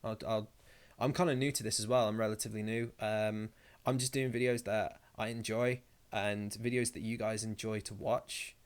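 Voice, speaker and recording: A man's voice: lowish voice, flat delivery, moderate pace, hardly any pauses, clear, resonant tone. A young man hosting a casual live stream. He reads viewer comments aloud and rambles through his replies with jokey asides.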